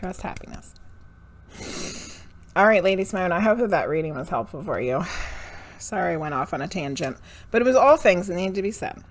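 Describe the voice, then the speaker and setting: A woman's voice: on the low side, animated, fast talker, slight background noise. A woman giving tarot readings on a live stream, frank and profane, ranting and then laughing at herself. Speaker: medium and tarot reader.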